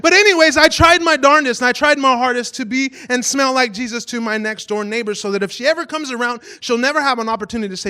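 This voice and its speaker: A man pastor giving a casual storytelling sermon, animated and self-mocking, acting out voices in his stories. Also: extremely high pitch, fast, few pauses, smooth.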